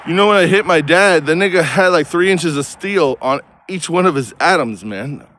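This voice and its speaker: A man's voice: a little high, moderate pace, a bit bright. A man on a street, rambling in a profane, stream-of-consciousness monologue that jumps from topic to topic. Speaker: vlogger. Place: outdoors on a street.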